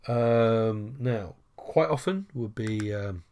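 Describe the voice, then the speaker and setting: A man's voice: on the low side, takes it slowly, darkish tone. A man teaching a French lesson over a screen recording, chatty, with wry self-deprecating asides.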